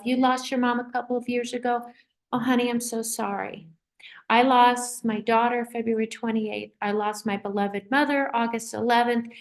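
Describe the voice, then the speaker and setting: A middle-aged woman with a fairly high-pitched voice hosts a casual livestream as a psychic medium. Rambling and affectionate, she reads out viewer comments and answers them.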